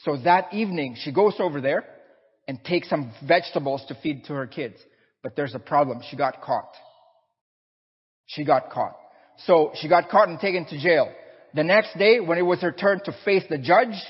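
A male preacher tells a story in a sermon with a husky, fairly high voice. He is recorded in a church hall that gives long echoes and a dull, muffled sound. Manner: animated storyteller.

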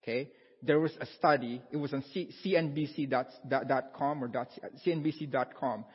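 A man's voice: mid-range voice, fairly quick, breathy edge. A man preaching a casual, conversational sermon, repeating himself and asking his congregation questions. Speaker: pastor. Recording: dull sound with long hall reverb.

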